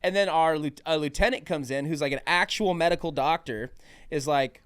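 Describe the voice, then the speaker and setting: A young man from New Mexico, a comedian guest, telling lively profane stories in casual podcast chat and acting out other people's voices. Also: on the high side, fairly quick, clear, resonant tone, no echo, clean studio sound. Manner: animated, swearing, acts out other people's voices.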